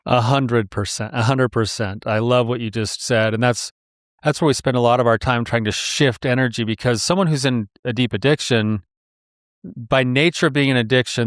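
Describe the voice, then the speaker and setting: Animated male therapist guest. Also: mid-range voice, fairly quick, dry recording, clean studio sound. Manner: animated storyteller who acts out quotes. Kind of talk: casual conversational interview.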